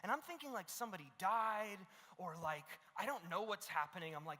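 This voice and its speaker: A man preaching a youth sermon with a high, bright, ringing voice. He is lively and joking, acting out little scenes and tagging his points with "okay?". His voice carries the long reverb of a large hall. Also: fairly quick. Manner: keeps adding "okay?". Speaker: youth pastor.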